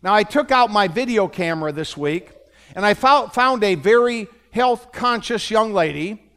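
A man's voice: high-pitched, animated, normal speed, fairly bright tone, smooth. A male pastor preaching a sermon in a church, retelling a story with humorous asides and questions to the congregation. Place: church sanctuary.

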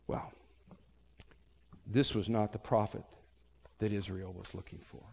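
A man preaching a sermon as pastor, telling a story and swinging from loud to hushed. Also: on the low side, fairly even intonation, unhurried, creaky, slightly rough, long reverb tail.

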